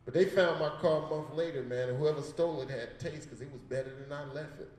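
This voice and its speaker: A man's voice: fairly high pitch, quick pace, a little mellow, recorded from a distance. Laid-back male stand-up comic, echoey room. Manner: storytelling with voiced characters, profane and laid-back. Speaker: stand-up comedian. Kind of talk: stand-up comedy set. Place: comedy show in an art gallery. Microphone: handheld mic.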